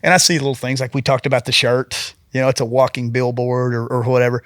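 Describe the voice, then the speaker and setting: A man's voice: mid-range voice, level tone, fast talker, no room sound. Earnest rambling man, dry close sound. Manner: earnest, rambling, acts out quotes. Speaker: guest police officer. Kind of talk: casual podcast storytelling.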